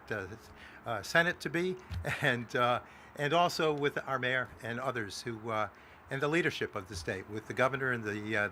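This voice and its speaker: Brief: male lawmaker, bright voice, halting podium speech, faint background noise. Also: medium pitch. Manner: halting, many "uh" fillers. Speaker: congressman. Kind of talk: speech at a press event.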